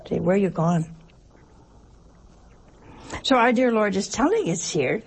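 Gravelly older nun giving a chatty sermon. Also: female voice, medium pitch, a little mellow. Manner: chatty, asks rhetorical questions, tells anecdotes. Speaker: nun giving a religious talk. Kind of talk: conversational sermon.

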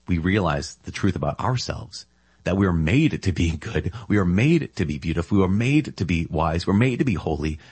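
A man's voice: deep voice, darkish tone, husky, no room sound. A man giving a casual, enthusiastic reflection on scripture as a Catholic preacher, often marvelling aloud.

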